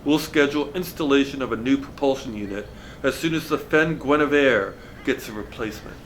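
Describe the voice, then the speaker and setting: A man's voice: mid-range voice, fairly quick, fairly bright tone, a little hiss or hum, lightly acted. A man voicing a tiny, brainy, bossy boy who talks with precise, lecturing diction while reading a storybook aloud.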